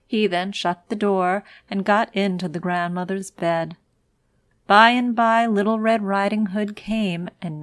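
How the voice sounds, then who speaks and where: A woman narrating a fairy tale for English learners in a clear, deliberate storybook style. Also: lowish voice, no room sound.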